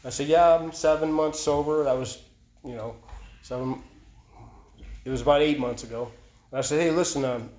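A man's voice: a little high, moderate pace, long pauses, darkish tone. A man giving an earnest, confessional personal testimony at a recovery meeting, often repeating and restarting his phrases. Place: meeting room. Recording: echoey meeting room.

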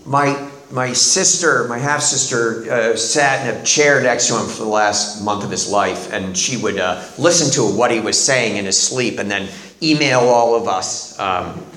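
Middle-aged man telling a story haltingly. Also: mid-range voice. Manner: halting, full of restarts and quiet pauses. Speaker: guest telling a personal story. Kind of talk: heartfelt personal storytelling. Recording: roomy echo.

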